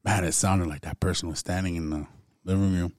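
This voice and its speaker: A man's voice: sits low, fairly even intonation, fairly quick, a little mellow, dry recording, studio quality. A man casually telling a personal story to a group, laid back and full of "man" and "like". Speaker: guest storyteller.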